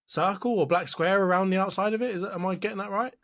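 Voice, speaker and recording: A man's voice: sits high, fast, a bit bright. A young man co-hosting a casual football podcast, teasing and mock-insulting his friend. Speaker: podcast co-host, Arsenal fan. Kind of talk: casual banter about football.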